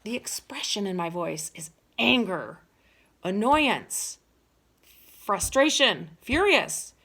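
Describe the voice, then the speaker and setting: Woman, teacher, recorded lesson for kids, slow and deliberate, keeps asking questions. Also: medium pitch, gravelly, husky. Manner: animated, explains slowly, asks the listeners questions.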